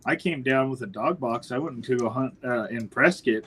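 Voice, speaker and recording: A man's voice: mid-range voice, fairly quick, slightly rough, poor audio. A man from northwestern Ontario telling hunting stories in a casual podcast chat, acting out the voices of people he quotes. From northwestern Ontario, Canada. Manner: animated storyteller, acts out quoted voices. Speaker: podcast host.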